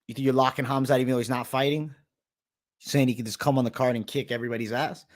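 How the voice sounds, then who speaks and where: A man's voice: mid-range voice, fairly even intonation, quick pace. A man hosting a live stream, chatting casually in a brash, profane way, peppering his talk with "bro" as he answers viewer questions. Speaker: host of a live betting show.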